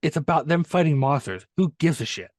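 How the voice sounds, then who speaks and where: A man's voice: on the high side, animated, a little fast, darkish tone, no room sound, clean studio sound. A man co-hosting a podcast in casual film-discussion chat, rambling and retelling scenes with enthusiasm. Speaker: podcast co-host.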